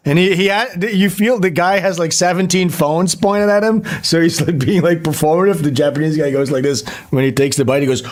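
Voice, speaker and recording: Man, stream host, crude and mocking, slightly high voice, quick bursts. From Europe. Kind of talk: casual livestream chat.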